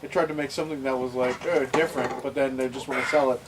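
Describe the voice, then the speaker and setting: A man's voice: medium pitch, steady tone, fast. Male friend, rambling critic, distant on a noisy recording. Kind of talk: casual chat. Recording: distant mic with noticeable noise.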